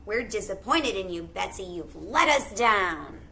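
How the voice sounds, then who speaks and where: A woman's voice: medium pitch, big pitch swings, measured pace, creaky, sharp tone, heavily acted. Woman reading a stern scolding farmer. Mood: disappointed. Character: stern disapproving male farmer.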